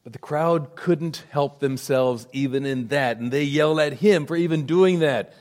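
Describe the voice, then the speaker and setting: A male pastor delivering a sermon in a slightly high voice. He leans hard on key words, then sinks into a quiet, grave hush. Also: moderate pace. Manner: emphatic preaching, swells loud then drops to a hush.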